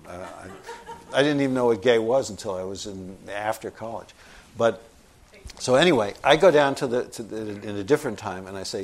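A middle-aged man, a novelist, telling an animated story in conversation and acting out what people said. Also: lowish voice, slight background noise. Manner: animated anecdotal storytelling, acts out quoted voices. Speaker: novelist guest.

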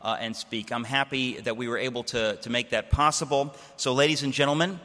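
A man's voice: mid-range voice, a little fast, pushed and bright, long reverb tail. A man hosting an event and introducing a speaker in an earnest way, with fillers. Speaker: event host.

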